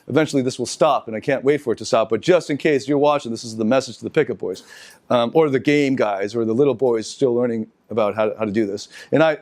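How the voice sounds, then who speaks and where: A middle-aged man giving a live seminar lecture, talking in an animated, halting way with restarts and asides to the audience. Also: mid-range voice. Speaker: seminar speaker.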